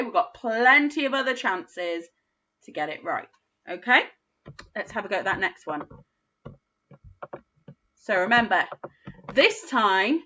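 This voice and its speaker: Slow sing-song woman teaching phonics. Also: medium pitch, pushed and bright, muffled recording. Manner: slow, sing-song sounding out of words, encouraging. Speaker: primary school phonics teacher. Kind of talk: phonics lesson for young children.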